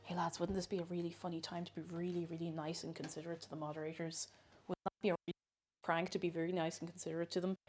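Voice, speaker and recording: A woman's voice: lowish voice, little pitch movement, quick pace, a little mellow, faint music behind. An Irish woman streamer baking at home and chatting with her viewers in a playful, teasing way. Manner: playful, teasing, joking with chat. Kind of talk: casual chat while baking on stream. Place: home kitchen.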